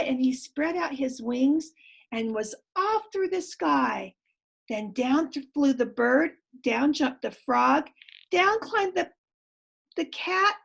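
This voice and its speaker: A woman reading a picture book aloud to young children, stopping often to ask them what they think and gasping at each surprise. Her voice is high, the pace is slow and gentle, and there is a gravelly fry in her tone. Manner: asks children questions, expressive and exclamatory. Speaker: children's storytime reader.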